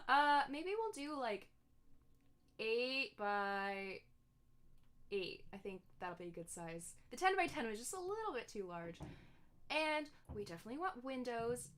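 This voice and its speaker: A woman's voice: a little high, a bit bright. A young woman giving casual commentary while playing a video game, chatty and giggly, often correcting herself mid-sentence. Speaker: gaming streamer.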